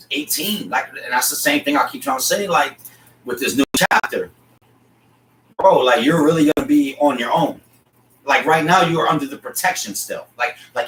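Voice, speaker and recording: Reflective man, heard distant in a roomy space. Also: fairly high pitch. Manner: relaxed, agreeing, reflective parental musing. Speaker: podcast co-host, father. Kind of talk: casual chat. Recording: roomy, distant mic with faint noise.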